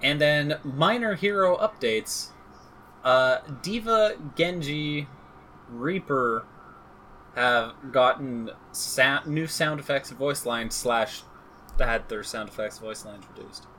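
Bright-voiced joking man with faint background noise. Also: mid-range voice, takes it slowly. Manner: joking, rambling, self-deprecating. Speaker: podcast co-host. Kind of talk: casual chat reading game patch notes.

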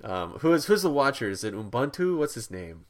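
A man co-hosting a podcast, telling a story in a casual, animated way with many asides. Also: mid-range voice, brisk. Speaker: podcast co-host.

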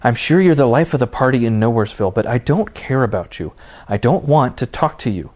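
A man's voice: medium pitch, animated, a little fast, lightly acted. A man reading a story, voicing a guarded, grieving young woman who hisses and then lashes out. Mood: furious. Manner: harsh hissing, rising to shouted accusation.

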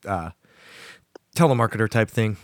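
A man's voice: fairly low pitch, lively intonation, moderate pace, dry recording. A man hosting a casual podcast, telling rambling stories and laughing often. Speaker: podcast host.

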